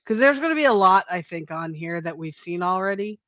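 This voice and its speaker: A woman's voice: lowish voice, expressive, brisk, a bit bright, no room sound, highs cut off. A woman co-hosting a casual panel chat, giggly and upbeat, with many small affirmations. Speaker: podcast co-host.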